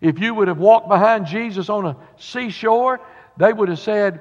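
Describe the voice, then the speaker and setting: A man's voice: high-pitched, normal speed. A man, a pastor preaching a sermon to his congregation in a folksy, conversational way. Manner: folksy preaching with Southern turns of phrase. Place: church sanctuary. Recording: dull sound in a long-reverb sanctuary.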